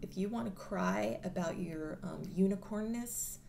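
A woman's voice: medium pitch, a little slow, vocal fry, a little mellow. A woman vlogger giving a casual monologue in a blunt, profane and sarcastic way. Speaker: mental health vlogger.

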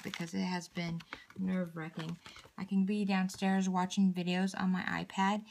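A woman's voice: medium pitch, gravelly, a little mellow, slight background noise. A woman hosting a craft channel, chatting casually to viewers as she opens mail, gushing and often dropping to a whisper. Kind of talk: casual unboxing chat to viewers.

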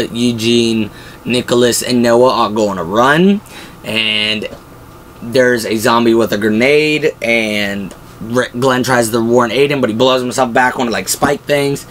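A man's voice: mid-range voice, a little hiss or hum. A young man, host of the show, casually recapping episodes and acting out quoted lines with feeling. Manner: animated, retells scenes with quoted lines.

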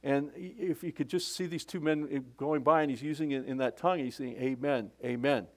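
A man's voice: fairly high pitch, steady tone, brisk. A middle-aged male pastor preaching a sermon in a conversational, folksy way, often restarting his sentences.

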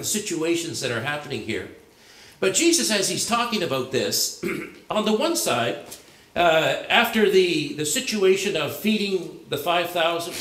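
Male pastor with a high voice in an echoing church. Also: fairly bright tone. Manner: conversational, searching, frequent restarts and fillers. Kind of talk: sermon. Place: church sanctuary. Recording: echoey church room.

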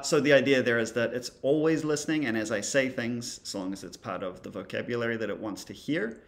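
A man's voice: lowish voice, vocal fry. A man teaching creative coding in a casual screen-recorded tutorial, thinking aloud as he demonstrates, with a wry, dry humor.

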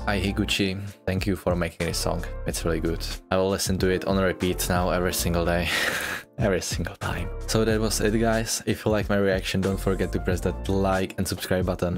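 A man reacting to anime in a casual, gushing way, his voice jumping high in excited outbursts and laughs. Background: anime music playing.

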